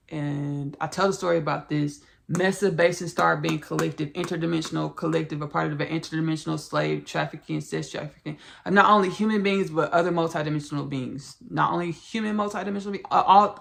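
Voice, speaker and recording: A woman's voice: sits low, creaky, fairly bright tone. A woman podcast host with a Southern US country accent, giving a rambling, repetitive spiritual monologue full of restarts and familiar asides. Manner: rambling and repetitive, with frequent restarts, calling listeners "y'all" and "baby".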